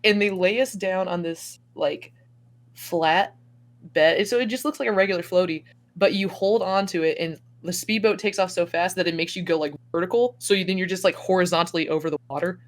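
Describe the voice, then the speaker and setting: Young woman guest telling stories, lively and laughing, voices the people she quotes. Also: on the low side, brisk. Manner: animated, laughing often, acts out quoted voices. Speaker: podcast guest. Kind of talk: casual storytelling chat.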